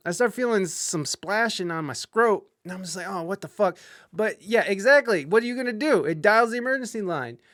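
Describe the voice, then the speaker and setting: A man hosting a podcast, casually telling a profane story with loud panicked outbursts and asides to live-stream viewers. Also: high-pitched, a little fast, dry recording, studio quality. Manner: animated, profane, swings into loud panicked outbursts when quoting himself. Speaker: podcast host.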